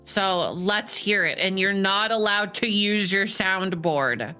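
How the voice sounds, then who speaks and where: A woman's voice: medium pitch, slow pace, bright, forceful tone, smooth, faint music behind. A woman streamer bantering playfully in casual chat, teasing and swearing casually.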